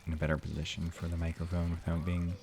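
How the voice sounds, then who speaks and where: Hushed gravelly young man streaming. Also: low voice, monotone, quick pace. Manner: hushed, half-whispered, rambling with restarts. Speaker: game streamer. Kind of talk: quiet live stream chat while playing. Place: room at home at night. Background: game music.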